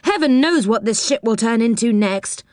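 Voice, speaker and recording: A woman's voice: fairly high pitch, lively intonation, normal speed, a little mellow, no echo, studio quality, pitched above the performer's own voice, close to an everyday voice. A woman doing Rick, an exclaiming, impatient boy. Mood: exasperated.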